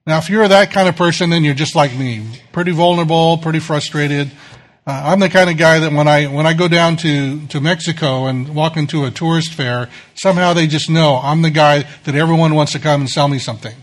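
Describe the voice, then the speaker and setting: A man's voice: on the high side, a little fast. A middle-aged male pastor giving a sermon, telling self-deprecating stories in a conversational way.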